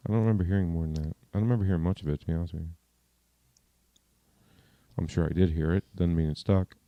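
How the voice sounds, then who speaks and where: A man's voice: low-pitched, steady tone, fast talker, no echo, phone-quality sound. A man hosting a podcast in casual chat, rambling and self-deprecating, often repeating words. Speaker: podcast host.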